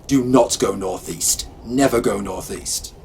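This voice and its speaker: A man's voice: lowish voice, a little slow, vocal fry, a little mellow, slight background noise. A man voicing a grave adult male safari assistant with a thick accent, giving solemn, insistent warnings in a spoken horror story. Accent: thick foreign accent.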